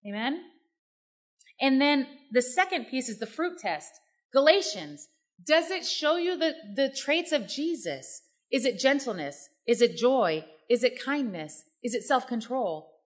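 A woman preaching a sermon, speaking emphatically and drawing the congregation in with frequent "amen" and "right?", at times rising to near-shouting. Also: high voice, big pitch swings, unhurried.

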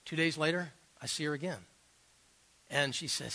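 A middle-aged man, a pastor, preaching a sermon and telling personal stories, swinging between loud emphasis and quiet asides. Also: a little high, normal speed, pauses often.

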